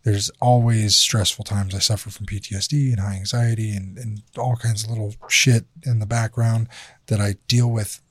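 A man's voice: fairly low pitch, flat delivery, moderate pace, dry recording, studio quality. A man hosting a casual podcast chat, talking bluntly and candidly with plenty of swearing. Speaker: podcast host.

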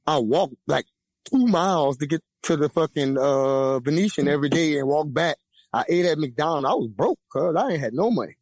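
A young man from Louisiana with a Louisiana accent, telling a profane, lively story as a podcast guest and acting out the voices of the people in it. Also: no room sound. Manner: lively, profane, acts out quoted voices with big pitch jumps. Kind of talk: animated storytelling.

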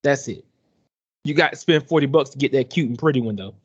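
A man co-hosting a casual gaming chat, talking in an animated, exasperated, ranting way. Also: mid-range voice, fast, breathy edge, dry recording. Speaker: podcast co-host. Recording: dull lo-fi dry sound.

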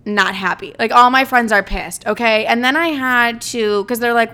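A woman's voice: a little high, moderate pace, smooth. A young woman vlogger telling a story in a casual, dramatic way, swearing freely and joking at her own expense. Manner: animated, dramatic, swears freely, mocks herself.

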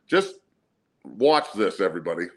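Gravelly, blunt man. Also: deep voice, sing-song, moderate pace. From United States. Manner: profane, blunt, slangy. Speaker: podcast host, former player. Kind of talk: casual chat.

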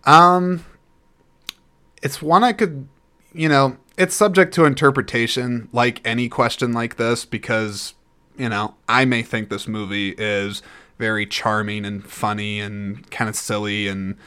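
A young man talks through a movie on his solo podcast in a loose, rambling way. He keeps restarting his sentences and clearing his throat. His voice sits at an ordinary middle pitch. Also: fairly even intonation, a little slow, bright, forceful tone. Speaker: podcast host. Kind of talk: casual solo movie review.

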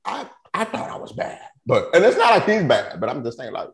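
A man hosting a podcast, chatting casually and telling stories with lively acted-out reactions. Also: on the high side, a little fast. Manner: animated storyteller who acts out his own reactions. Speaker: podcast host. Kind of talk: casual chat. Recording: roomy echo.

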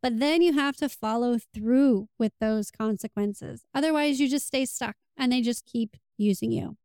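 A woman with a smooth, somewhat high voice talks through relationship advice in a casual, earnest monologue. She slips into quoted lines to make her points. The sound is close and dry. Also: moderate pace, darkish tone, no room sound.

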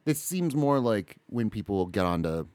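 Casting: middle-aged man, podcast co-host, low voice with big swings, rambling and chatty, dry close mic. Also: moderate pace, dry recording. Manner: rambling, animated, full of restarts and asides. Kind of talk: casual chat.

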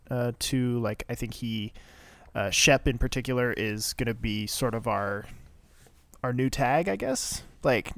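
A man's voice: mid-range voice, dry recording. Chatty man recapping, dry close sound. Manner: chatty, rambling with fillers and asides. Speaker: podcast co-host. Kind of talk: casual episode recap chat.

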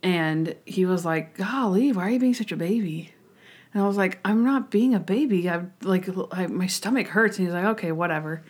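A young woman co-hosting a podcast, chatting casually with a giggly, animated storytelling manner. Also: lowish voice, normal speed, husky. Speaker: podcast co-host. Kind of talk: casual chat, storytelling and episode review.

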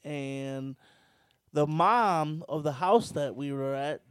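A man's voice: on the high side, slow, clean tone, dry recording. A man casually telling a wild, crude story on a podcast, swearing freely. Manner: crude, profane, animated storyteller.

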